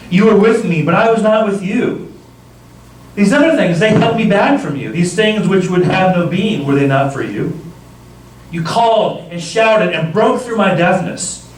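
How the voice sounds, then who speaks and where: A man, a Bible professor, giving a storytelling lecture, reading passages aloud and recounting events with animated retelling and frequent fillers. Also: fairly high pitch, a little hiss or hum. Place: large hall. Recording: echoey hall, distant mic, faint ambience.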